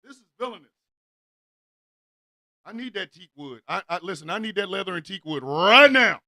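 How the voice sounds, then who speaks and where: A man hosting a radio show, ranting loudly in a comic, excitable way, yelling and cursing. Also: high voice, moderate pace, no room sound. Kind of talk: loud comic rant.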